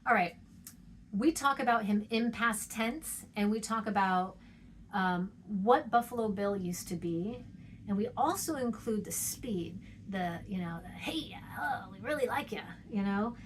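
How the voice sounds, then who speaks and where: A woman's voice: mid-range voice, unhurried, slight background noise. A woman teaching a poetry lesson, chatty, checking in with "okay?" and "right?", and sounding out rhythms with playful noises.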